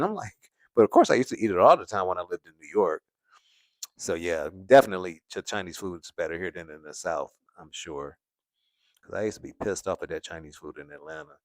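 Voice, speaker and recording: A man hosting a commentary livestream, reading viewer comments and musing in a relaxed, casual way with frequent laughs. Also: on the low side, no room sound, studio quality. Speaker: commentary channel host. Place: home in California.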